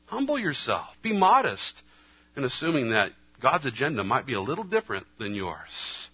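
A man preaching a sermon earnestly, his delivery moving between hushed, slow passages and emphatic ones. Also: medium pitch, animated, slightly rough. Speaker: pastor. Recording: slightly dull lo-fi sound.

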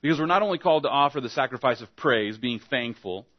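A man's voice: mid-range voice, lively intonation, fast talker, muffled recording. A man preaching an evening sermon, speaking conversationally and acting out little back-and-forth dialogues to make his points. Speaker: pastor.

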